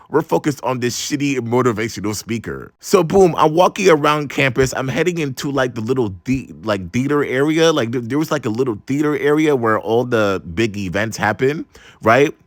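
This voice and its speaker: A young man in his twenties from Maryland, with a medium-pitched voice, tells a casual storytime vlog in a dry, clean studio recording. He is animated, slangy and profane, and he exclaims "bro" a lot.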